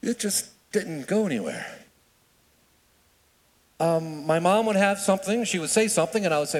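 Animated preacher man in a reverberant hall. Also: high voice, a little fast. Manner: conversational preaching with frequent rhetorical questions; stumbles and restarts mid-sentence. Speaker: pastor. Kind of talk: sermon.

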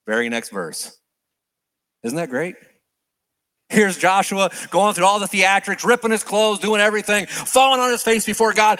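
Animated male preacher, high and bright-toned, sermon delivery. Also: moderate pace. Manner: animated, acts out quoted prayers with swings in pitch and volume.

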